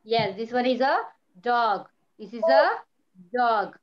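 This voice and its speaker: Woman teacher, slow patient speech, higher voice, dull lo-fi sound. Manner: patient, repeats words, praises often. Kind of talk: online primary school lesson.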